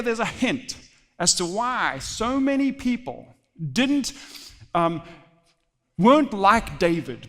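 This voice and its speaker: A man preaching a sermon in a church, telling the story with animated, joking asides. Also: sits high, in a large hall. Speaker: pastor.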